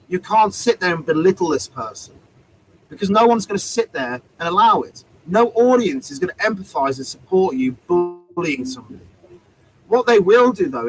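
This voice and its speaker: Animated high-voiced man storytelling. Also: slight background noise, low-quality recording. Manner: animated, acts out both sides of the exchange. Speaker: street performer telling a story. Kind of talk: casual storytelling chat.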